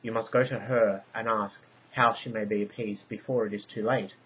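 A man doing a solemn female oracle who speaks her prophecies in a low, measured voice. It's a storybook reading heard through dull, lo-fi sound. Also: steady tone, fairly bright tone, a little hiss or hum, natural voice. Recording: dull lo-fi recording.

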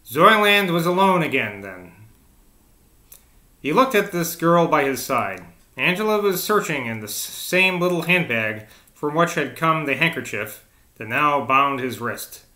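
A man's voice: fairly high pitch, expressive, unhurried, bright, forceful tone, reverberant. A man reading a novel aloud, informal and chatty, breaking off with casual asides. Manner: informal, chatty, self-interrupting. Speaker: audiobook reader.

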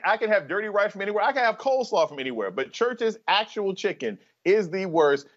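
A man's voice: fairly high pitch, fairly bright tone, lo-fi sound. A middle-aged man in casual sports banter, talking emphatically with playful trash talk. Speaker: guest commentator.

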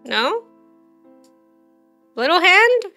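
A woman's voice: very high-pitched, sing-song, drawn-out words, bright, forceful tone, soft background music. A woman streamer giving casual let's-play commentary, chatty, thinking aloud and quizzing the game characters.

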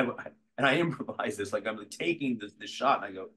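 An older man with a low, husky voice talks through stories from his career as a guest on a podcast. He tells them with energy and bursts into the voices of the people he quotes. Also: quick pace, hardly any pauses, poor audio. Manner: animated storyteller who acts out quotes. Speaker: guest actor. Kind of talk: conversational interview storytelling.

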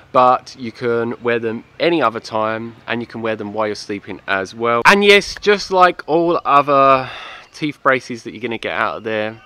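A man's voice: mid-range voice, sharp tone. A man giving a casual, enthusiastic review to camera, chatty and repetitive, with a slight lisp from wearing aligners. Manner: chatty, repeats "like I said" and "yeah"; enthusiastic recommending. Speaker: vlogger reviewing his aligners.

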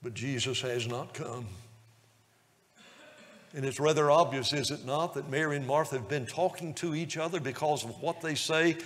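A man preaching a sermon, telling a story in hushed tones that builds to loud, impassioned preaching. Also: on the high side, moderate pace. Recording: long hall reverb.

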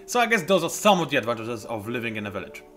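A man's voice: mid-range voice, big pitch swings, racing, fairly bright tone, soft background music. A man, chatting casually and rambling off topic while commenting on a game he plays at home. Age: 20s. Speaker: let's play host. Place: home room.

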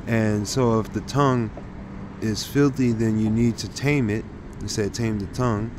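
A man giving an informal scripture study talk, thinking aloud with halting restarts and sudden bursts of excited realization. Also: fairly low pitch, noisy background. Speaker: Bible teacher.

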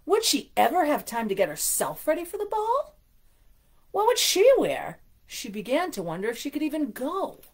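Gushing storytime woman with a lively voice. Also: high voice, moderate pace. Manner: gushing, chatty asides. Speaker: storytime host. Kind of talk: reading a picture book aloud.

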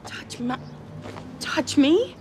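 An actress playing a furious, foul-mouthed mother who rants loudly and explosively at a school meeting, in a film comedy. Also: sits high, sing-song, drawn-out words, noisy background, heavily acted. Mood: outraged. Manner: loud, explosive, profane ranting.

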